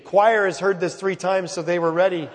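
A man preaching from the pulpit with a high, carrying voice. He is emphatic, rising to loud calls and then dropping to a hush. The long reverb of a large church hangs behind him. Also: steady tone, normal speed, a little hiss or hum. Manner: emphatic, swings from loud to hushed. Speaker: pastor. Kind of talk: sermon.

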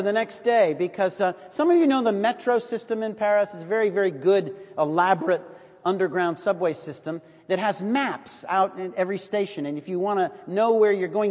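A middle-aged American preacher delivers his sermon as a lively storyteller, now and then sinking to a near-hush to drive a point home. His voice sits high for a man, and it rings out with the long reverb of a big hall. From United States. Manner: storytelling, animated, drops to a hush for emphasis.

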